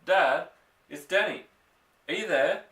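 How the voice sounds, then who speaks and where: A frightened young boy shouting into the dark for his father, pleading with a raised, lively voice, as a male storyteller puts him on. The tone is bright, and the room echoes around it. It is caught from a short distance off the mic. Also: fairly high pitch, moderate pace. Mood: desperate calling. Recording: roomy, off-mic.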